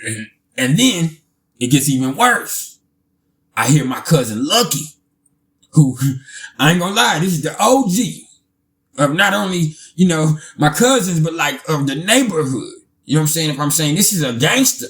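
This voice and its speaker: A man, telling a casual storytime, animated, laughing often and swearing freely. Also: fairly high pitch, normal speed.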